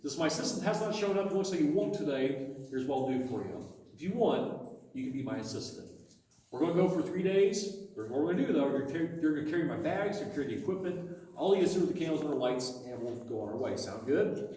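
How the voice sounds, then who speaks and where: A man voicing a male cave guide who talks calmly and firmly. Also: on the high side, fast talker, lightly acted. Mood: plain. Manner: calm, firm. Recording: echoey cave from far off.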